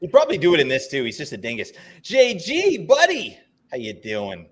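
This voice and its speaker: A man's voice: mid-range voice, very animated, quick pace. A man co-hosting a live stream, chatting casually in a playful, jokey way. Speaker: co-host.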